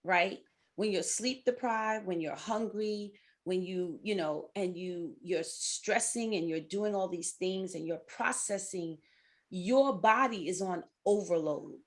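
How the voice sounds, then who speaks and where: This middle-aged woman is a life coach and podcast host, speaking in a mid-range voice at a measured pace. She gives advice casually in a coaching talk, acts out inner voices, and laughs often.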